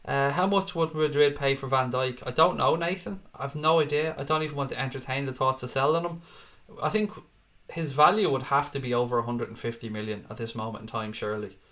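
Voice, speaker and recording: A man's voice: mid-range voice, a little fast, a bit bright. A man in his thirties hosting a fan live stream, reading chat and answering in a blunt, chatty way, swearing freely and calling viewers mate.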